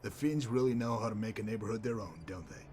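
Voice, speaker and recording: A man voicing a smug, sardonic male messenger-mercenary in a game, dry and mocking in manner, wordy and unhurried. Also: on the low side, darkish tone, slight background noise, lightly acted. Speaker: game character. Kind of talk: voiced game dialogue.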